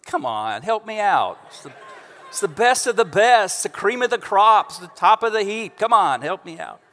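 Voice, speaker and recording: A pastor preaching a sermon from a church stage into a microphone, conversational and joking with the congregation. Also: male voice, high-pitched, very animated, normal speed, fairly bright tone. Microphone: stage microphone through house speakers. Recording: long church reverb.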